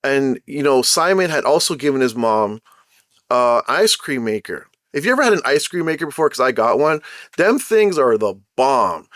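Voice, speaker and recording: A young man of Caribbean background giving casual commentary as a show host, animated, acting out quotes as he retells. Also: mid-range voice, moderate pace, no echo, clean studio sound.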